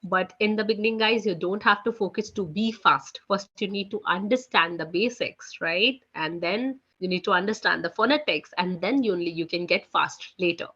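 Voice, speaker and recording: A woman's voice: mid-range voice, normal speed, few pauses, bright, forceful tone, husky, muffled recording. A woman teaching French in a live online class, chatty, leaning on "you know" and "guys". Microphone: video call.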